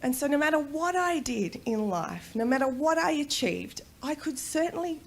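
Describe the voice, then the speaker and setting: A middle-aged Australian woman giving a personal storytelling talk at a conference, animated and quick to laugh. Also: high-pitched, vocal fry. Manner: animated, laughs often, acts out voices in quotes. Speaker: conference speaker. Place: conference room.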